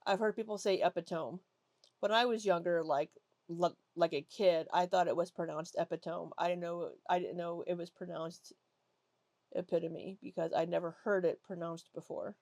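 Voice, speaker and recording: A woman commentator with a somewhat low voice speaks bluntly and matter-of-factly. Her voice sounds close and dry, with no room echo. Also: fairly even intonation, moderate pace, darkish tone. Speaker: commentary host. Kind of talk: commentary on clips.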